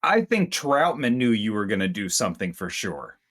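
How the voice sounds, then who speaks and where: A man's voice: on the low side, big pitch swings, moderate pace, fairly bright tone. Joking man co-hosting a movie chat. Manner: joking, slips into mock quoted voices. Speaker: movie review podcast co-host. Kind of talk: casual chat.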